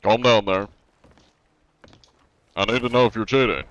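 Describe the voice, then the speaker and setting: A man's voice: lowish voice, steady tone, normal speed, a bit bright, highs cut off, slight background noise, natural voice. A man voicing an overly polite, formal anti-cheat inspector character in an online game stream. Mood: mock polite. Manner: courteous, formal address.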